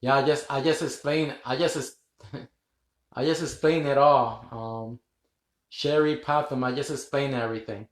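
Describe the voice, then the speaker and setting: Man, mid-pitched, loose rambling delivery, frequent laughter, roomy echo. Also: steady tone, measured pace. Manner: rambling, laughs often, swears casually. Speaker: livestream host. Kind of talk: rambling live-stream chat with viewers.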